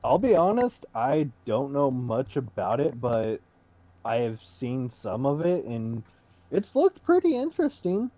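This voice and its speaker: A man as a podcast guest, easygoing and lively, heard through a dull lo-fi remote mic. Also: medium pitch, a little slow, dry recording. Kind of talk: casual podcast chat.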